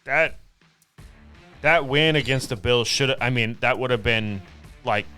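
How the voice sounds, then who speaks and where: A man co-hosting a casual sports podcast, talking in halting bursts with frequent restarts. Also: medium pitch, bright, forceful tone, smooth, faint music behind. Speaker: podcast co-host.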